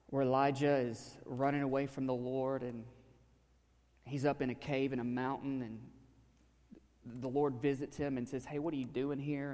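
A man preaching a sermon to a congregation, talking conversationally and swinging from loud emphasis to a hushed near-whisper. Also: mid-range voice. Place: church sanctuary with a live audience. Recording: long hall reverb.

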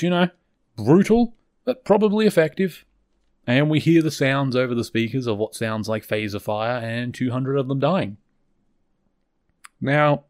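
A man's voice: on the low side, dry recording, studio quality. A man hosting a podcast, casually recapping a TV episode and acting out the characters' lines as he goes. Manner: animated retelling, acts out quotes. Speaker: podcast host.

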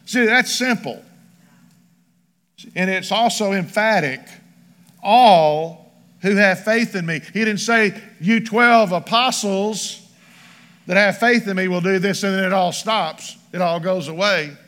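High bright voiced preacher guy, punchy rhythmic sermon, big hall echo. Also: measured pace. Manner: emphatic, rhythmic preaching with scripture read aloud. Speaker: pastor. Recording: long church hall reverb.

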